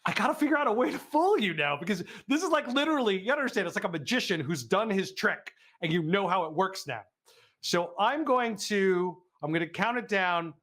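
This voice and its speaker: Midwest guy hosting a charity livestream, goofy auctioneer bit, high voice all over the place. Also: expressive, brisk, a bit bright. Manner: playful, goofy, teasing the audience. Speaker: telethon host running a donation auction. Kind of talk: live fundraising stream, auction calling.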